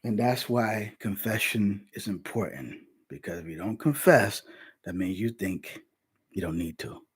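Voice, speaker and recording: A man's voice: on the low side, expressive, measured pace, slightly rough. A man giving an informal scripture teaching in a streetwise, conversational preaching manner. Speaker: religious teacher.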